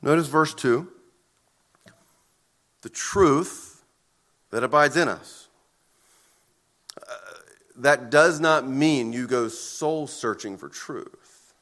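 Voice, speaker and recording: A man preaching a sermon as pastor, earnest and emphatic, with deliberate pauses between phrases. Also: medium pitch, a bit bright.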